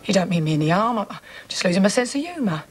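A woman's voice: medium pitch, big pitch swings, fast talker, slightly rough. An actress playing a distraught woman who confronts the man who attacked her, speaking insistently and repeating herself. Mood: bitter. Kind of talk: television soap drama.

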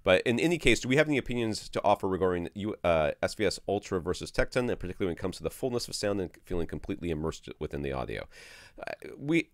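A man's voice: sits low, big pitch swings, racing, dry recording, studio quality. A man co-hosting a casual audio podcast, reading listener questions and reacting animatedly, often restarting his sentences. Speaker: podcast co-host. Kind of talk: casual chat.

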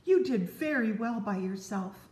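A woman voicing a cheerful, eager male frog in a children's storybook, with a bright coaxing voice. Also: fairly high pitch, expressive, unhurried. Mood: kindly. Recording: roomy echo.

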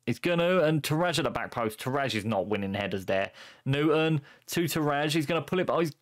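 A young man calls the action of a football management game in a fairly high voice, playful and quick to chuckle. He jumps between match commentary and bad puns with an excitable, streamer-style delivery.

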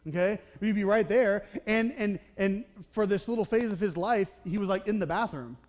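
A male pastor preaching a conversational sermon, often checking in with the congregation with a quick "okay?" or "right?". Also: sits high, darkish tone. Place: church.

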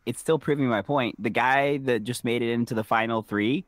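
A man's voice: mid-range voice, moderate pace, dry recording. A man co-hosting a podcast in casual chat, telling stories with giggles and acting out quotes. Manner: animated storyteller, giggly, acts out quotes. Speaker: podcast co-host.

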